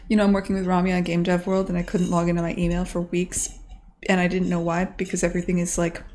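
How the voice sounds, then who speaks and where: A woman indie game developer chatting casually with her live-stream viewers, excitable and swearing freely as she mutters to herself. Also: on the low side, a little hiss or hum.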